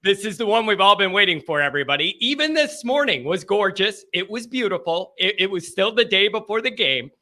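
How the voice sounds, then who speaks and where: A man hosting a live fan call-in stream, talking loudly and excitedly with yelling bursts. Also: high-pitched, fairly quick, few pauses. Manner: loud, animated, yelling bursts.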